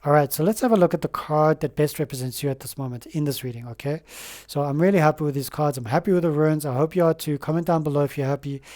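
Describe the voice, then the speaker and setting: Tarot reader, male, slightly high and mellow voice, gentle and affirming, unhurried and rambling. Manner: gentle, affirming, leaves slow pauses in the affirmations; rambling, with fillers and restarts. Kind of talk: spoken tarot reading to camera.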